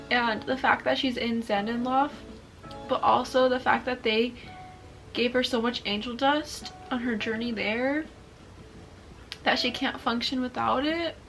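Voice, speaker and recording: A woman's voice: fairly high pitch, a bit bright, poor audio. A young woman vlogging in a casual, chatty way, gushing and emotional as she talks to her viewers. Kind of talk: casual chat to camera.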